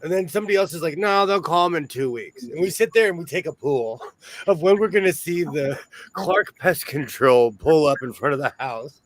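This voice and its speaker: A man with a slightly high voice hosts a relaxed sewing-circle chat. He tells stories and laughs often. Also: moderate pace, low-quality recording. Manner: chatty storyteller who laughs often. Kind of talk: casual chat.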